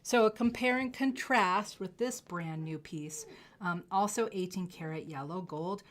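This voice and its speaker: A woman hosting a live jewelry sales stream, gushing effusively over each piece and dropping into soft asides. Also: fairly low pitch, measured pace. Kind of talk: live shopping stream presentation.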